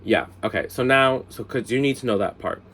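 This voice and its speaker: A man telling a casual storytime vlog from his bed, animated, jumping high for quoted lines and exclamations, then dropping into quiet asides, a little tipsy. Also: fairly quick. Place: bedroom, sitting on the bed.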